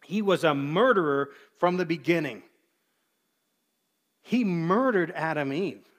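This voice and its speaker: A man's voice: fairly high pitch, animated, unhurried, fairly bright tone. A man preaching a sermon as pastor, earnest, briefly acting out the voices he quotes.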